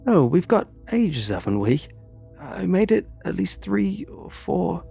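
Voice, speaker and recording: A man playing a tipsy joker who slurs and teases, his voice husky and gravelly. He sounds loose and cheeky. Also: high-pitched, sing-song, a little slow, mellow, soft background music, voice pushed up, full character voice. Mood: drunk denial. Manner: slurring, cheeky. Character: drunk cheeky British man, crude joker.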